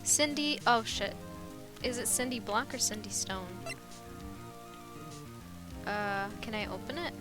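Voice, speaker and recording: A woman's voice: medium pitch, unhurried, pauses often. Girl streaming a game, reading lines out, kinda stammery, game music playing. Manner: nervous stammering when reading the hero. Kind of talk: reading game dialogue aloud while playing.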